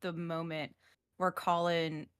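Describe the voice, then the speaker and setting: A woman's voice: lowish voice, level tone, takes it slowly, a bit bright, clear, resonant tone. A woman hosting a live-stream interview, chatty and gushing, laughing often and asking long, winding questions. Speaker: host.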